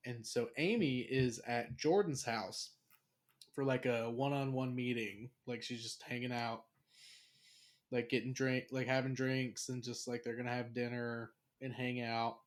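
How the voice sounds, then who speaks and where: A young man hosts a loose podcast recap, talking at an ordinary middle pitch. He rambles and swears freely, and slips into the characters' lines as he goes. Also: steady tone, measured pace. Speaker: podcast host. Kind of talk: casual recap chat.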